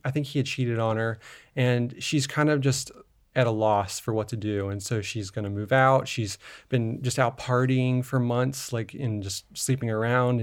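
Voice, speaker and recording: Rambling male podcast co-host. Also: medium pitch. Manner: rambling, many fillers and restarts. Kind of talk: casual film chat.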